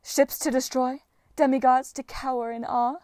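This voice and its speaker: A woman's voice: sits high, little pitch movement, normal speed, a little mellow, dry recording, clean studio sound, voice pushed up, natural voice. A woman doing a bored, vain sea goddess. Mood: languid.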